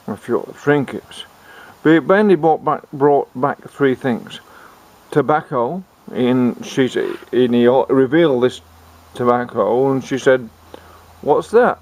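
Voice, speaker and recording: Man, comic storyteller, rambling, halting, mid pitch. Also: a little mellow. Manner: rambling, halting, restarts sentences.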